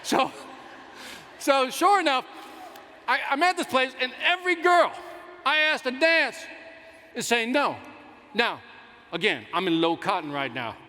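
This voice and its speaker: A man giving a motivational sales keynote on stage in a large conference hall, telling stories in an animated, self-mocking way. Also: extremely high pitch, measured pace, long pauses. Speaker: keynote speaker. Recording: reverberant hall with faint ambience.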